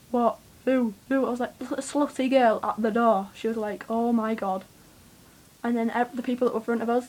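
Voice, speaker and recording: Young girl ranting to her camera, kinda high voice, rambly and swears a lot, lots of ums. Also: a little hiss or hum, low-quality recording. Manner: rambling, excitable, swears freely, many fillers. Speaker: vlogger. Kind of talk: casual storytelling to camera.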